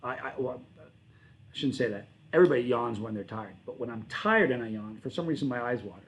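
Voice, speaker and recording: A man's voice: mid-range voice, expressive, fairly quick, rough recording. Rambling man chatting on a livestream. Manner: rambling, self-correcting, friendly. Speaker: channel host reading live chat. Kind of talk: casual livestream chat.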